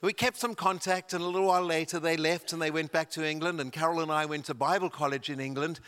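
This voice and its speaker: A man's voice: fairly high pitch, fairly even intonation, a bit bright. Man telling a story in a reverberant hall. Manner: anecdotal, halting with restarts. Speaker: preacher. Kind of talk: sermon storytelling.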